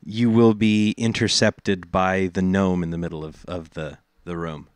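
A man running a tabletop game as game master, narrating with many pauses and restarts. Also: sits low, level tone, clean tone, dry recording, clean studio sound. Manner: hesitant, lots of uh and restarts, laughs often.

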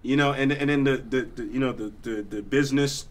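A man's voice: medium pitch, a little fast. A man, the guest actor, chatting casually and joking with frequent laughter. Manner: laughing, joking, animated storytelling. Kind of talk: casual banter.

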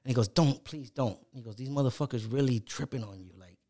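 A middle-aged man tells a long story about his early music days, swearing freely and acting out the voices on old phone calls. His voice sits at an ordinary pitch, neither high nor low. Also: fast, warm tone. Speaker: rapper guest. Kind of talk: casual storytelling chat.

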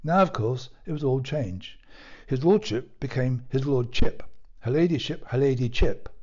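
A man, an author reading his own children's story aloud in a measured, playful storytelling manner. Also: mid-range voice, animated, warm tone, dull audio.

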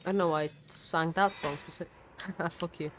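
A woman's voice: fairly low pitch, steady tone, normal speed, slight background noise. A woman streaming a video game live, swearing freely while talking to her chat and the characters on screen. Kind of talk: live gameplay commentary.

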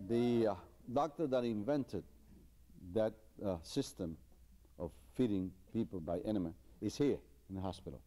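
A comedian telling a string of jokes in a lively, storytelling way, chuckling at his own punchlines. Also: fairly low pitch, normal speed, a little hiss or hum. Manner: animated, repetitive storytelling with chuckles. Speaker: stand-up comedian. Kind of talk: joke telling.

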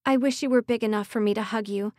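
A woman's voice: on the high side, steady tone, fast, a little mellow, no room sound, close to an everyday voice. A woman voicing a young heroine who speaks earnestly and urgently, close to her own reading voice. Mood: grateful. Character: young woman heroine, desperate but determined.

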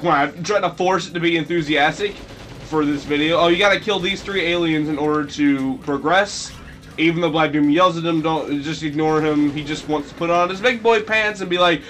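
With a fairly high, slightly bright voice, a young man provides gameplay commentary as a let's player, sarcastic and meandering, punctuated by abrupt mock-dramatic outbursts.

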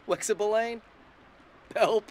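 A gibberish-talking game character. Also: male voice, sits high, slow pace, crowd noise. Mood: playful. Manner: short invented gibberish phrases.

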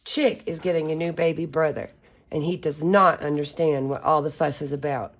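A woman's voice: deep voice, fairly even intonation, moderate pace. A woman reading a children's picture book aloud in a careful, teacher-like way. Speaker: story reader for children.

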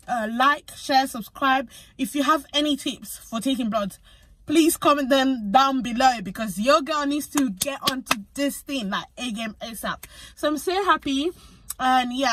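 A young British woman, a physician associate student, telling a story in a chatty, animated vlog. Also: high-pitched, unhurried. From United Kingdom. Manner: chatty and animated, acts out conversations.

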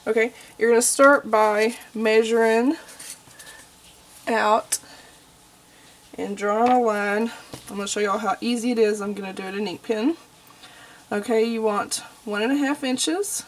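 Texan lady walking you through a craft, kinda high voice w some vocal fry, faint hiss behind. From Texas. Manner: homey, chatty, says y'all and okay a lot. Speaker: craft tutorial host. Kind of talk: casual crafting tutorial.

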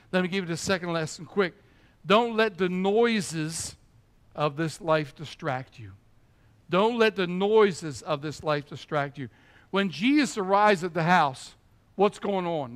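Brief: male pastor with a high-set voice, emphatic sermon delivery that keeps asking the congregation "all right?". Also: a bit bright. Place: church.

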